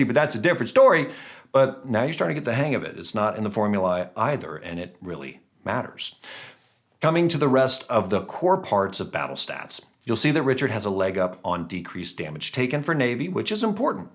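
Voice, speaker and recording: A man hosting a gaming channel, giving chatty, self-mocking commentary on a battle with playful jumps in pitch. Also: sing-song, brisk. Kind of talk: casual game commentary.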